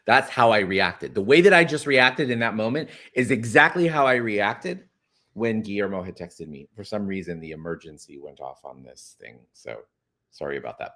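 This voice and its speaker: A man leading listeners through a guided spiritual exercise, talking expressively and slowing down to stretch his key words. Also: low-pitched, a bit bright. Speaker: course guide.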